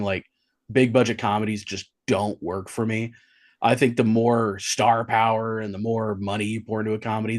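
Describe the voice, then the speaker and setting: Hesitant man sharing movie opinions. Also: fairly low pitch. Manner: hesitant, restarts with self-deprecating opinions. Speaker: podcast co-host. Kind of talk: casual movie discussion.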